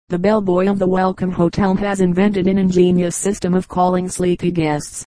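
Female audiobook reader, low mellow tone, dry close sound, steady joke-book delivery. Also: dry recording, rough recording. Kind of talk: reading aloud a joke book.

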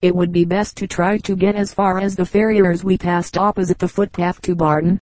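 A woman's voice: lowish voice, steady tone, normal speed, a little mellow, no echo, natural voice, poor audio. A woman reading the lines of a polite, eager young girl who speaks in an earnest, well-spoken way.

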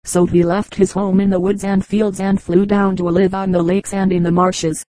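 A woman reading fables aloud as an audiobook narrator, in a calm, measured way. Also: mid-range voice, dry recording, rough recording. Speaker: audiobook reader. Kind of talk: storybook narration.

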